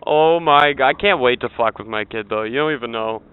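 A man on a podcast joking crudely in casual banter, often shouting out voices as he acts out bits. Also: mid-range voice, brisk, clean tone, dry recording. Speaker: podcast host. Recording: phone-like narrow sound, dry.

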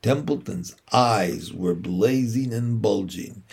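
Slow-reading man narrating a storybook. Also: lowish voice, gravelly, husky. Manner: steady, expressive reading. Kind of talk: storybook read-aloud.

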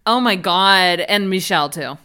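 Bright, clear-voiced woman recapping a show. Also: moderate pace. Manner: animated, acts out quoted lines with big pitch jumps. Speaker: podcast co-host. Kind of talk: casual chat, recapping a TV episode.

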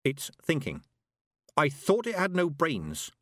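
A man's voice: on the high side, huge pitch swings, slow pace, a bit bright, no room sound, clean studio sound, pitched above the performer's own voice, full character voice. A man reading an audiobook voices a thoughtful eleven-year-old witch girl who speaks earnestly and gropes for her words.

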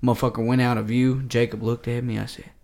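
A man's voice: medium pitch, little pitch movement, fast talker, creaky, a little mellow. A man on a podcast telling a hunting story in casual, profane slang, acting out the quoted lines and dropping to a whisper for them. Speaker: podcast co-host.

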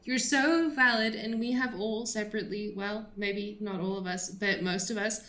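A woman's voice: mid-range voice, little pitch movement, normal speed, reverberant. A woman co-hosting a podcast in casual chat, rambling and laughing, with lots of "like". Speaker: podcast co-host.

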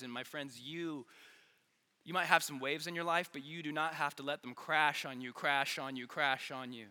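A man preaching an earnest, energetic youth sermon, repeating phrases for emphasis, in a large church hall. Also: a little high, moderate pace. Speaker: youth pastor. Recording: long hall reverb.

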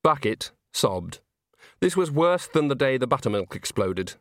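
A man reading a comic novel aloud as narrator, wry and expressive. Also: medium pitch, measured pace, dry recording, clean studio sound. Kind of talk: audiobook narration.

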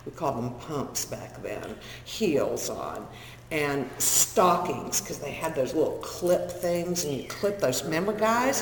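A woman's voice: fairly low pitch, very animated, a little slow, crowd noise. A woman in her sixties with a Texan accent, telling her recovery story to an audience in a candid, self-deprecating, humorous way. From Northern California. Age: 60s. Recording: echoey hall with long reverb.

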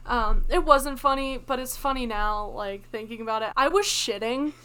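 Podcast co-host, young woman, high bright voice, chatty storyteller, quick to laugh; brief casting. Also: smooth. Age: young adult. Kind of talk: casual chat.

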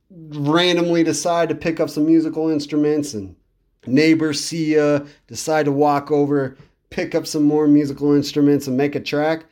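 A man's voice: a little high, a little mellow. A man with a slightly raised voice talks casually as a podcast host. He rambles with enthusiasm and repeats words for emphasis, as in an easygoing music review monologue.

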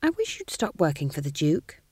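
A woman voicing a shy, anxious young witch who talks high and fretfully. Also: huge pitch swings, moderate pace, darkish tone, husky, no echo, full character voice.

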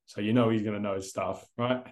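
A man's voice: fairly low pitch, steady tone, a little fast, darkish tone. A man co-hosting a casual podcast, rambling and swearing offhand, calling everyone mate, over a video call. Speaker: podcast co-host. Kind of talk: casual chat.

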